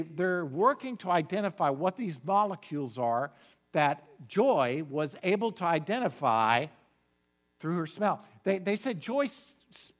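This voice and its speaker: Animated man preaching a sermon. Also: on the high side. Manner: animated storytelling with asides and jokes. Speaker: pastor.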